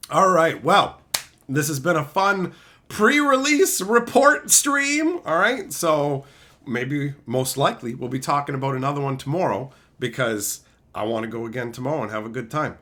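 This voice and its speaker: A man's voice: on the high side, expressive, normal speed, pushed and bright. A man streaming a casual chat, talkative and swearing often. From Newfoundland, Canada. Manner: chatty, swears a lot.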